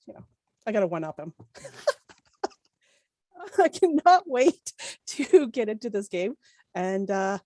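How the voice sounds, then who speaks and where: A woman's voice: medium pitch, darkish tone, dry recording, studio quality. A woman introducing herself as a player in a tabletop game, playful and teasing. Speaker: player and content creator. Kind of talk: casual stream intro.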